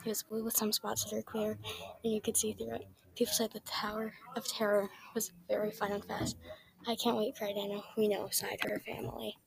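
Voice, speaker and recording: A woman's voice: mid-range voice, completely flat delivery, a little fast, gravelly, a crowd in the background. A woman reading a children's story aloud in a plain way, with small slips and restarts. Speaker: reader.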